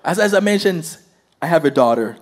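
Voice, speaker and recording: A man preaching a sermon and telling a personal story, animated, talking to the audience and laughing often as he goes. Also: on the high side, a little fast.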